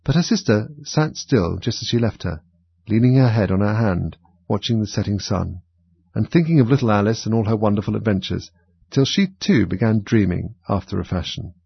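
A man calmly narrating a storybook in a measured way. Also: fairly low pitch, gravelly, slightly rough, dry recording. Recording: dull, dry lo-fi recording.

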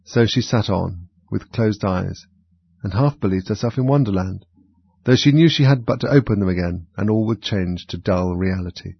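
Low gravelly male storyteller. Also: normal speed, no room sound. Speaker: narrator. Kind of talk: storybook audiobook narration. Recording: dull, dry lo-fi recording.

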